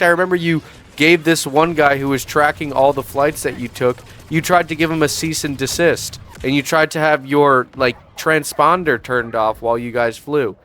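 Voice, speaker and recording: A man's voice: fairly high pitch, a bit bright. Sarcastic young man ranting. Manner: sarcastic, profane, mocking. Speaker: YouTube commentator. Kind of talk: ranting commentary vlog.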